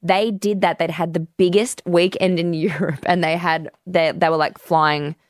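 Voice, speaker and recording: A woman's voice: lowish voice, fairly even intonation, moderate pace, dry recording, studio quality. A woman co-hosting a podcast, chatting casually and telling stories with emphasis. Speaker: podcast co-host. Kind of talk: casual chat.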